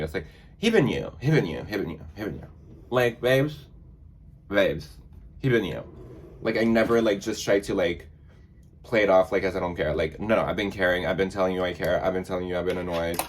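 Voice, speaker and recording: A man's voice: sits low, a little fast, slight background noise. A man chatting casually in a sassy, dramatic storytime vlog, full of fillers. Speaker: vlogger.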